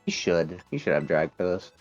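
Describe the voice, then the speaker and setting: A man playing along with a friend's stream, making relaxed, matter-of-fact remarks over voice chat. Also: sits low, moderate pace, dull audio, faint music behind. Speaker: co-player friend. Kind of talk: casual gaming chat.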